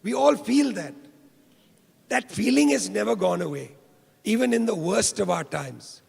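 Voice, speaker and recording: A high-pitched, heavily gravelly older man from India delivers an impassioned public lecture. His husky, worn voice rings out in a long-echoing hall as he leans on repeated phrases. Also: lively intonation, unhurried, darkish tone. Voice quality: hoarse, rough voice. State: hoarse. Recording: reverberant hall.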